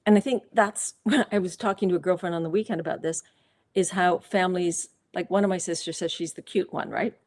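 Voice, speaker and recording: A woman's voice: lowish voice, fairly even intonation, brisk, a little mellow. A woman author speaking as a guest on a live interview show, candid and reflective, telling personal stories with fillers and restarts.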